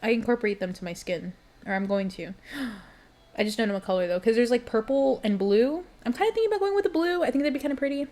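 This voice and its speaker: A woman's voice: fairly high pitch, animated, fast, darkish tone. A young woman streamer in casual chat with her viewers, giggly and emotional, talking straight to her chat.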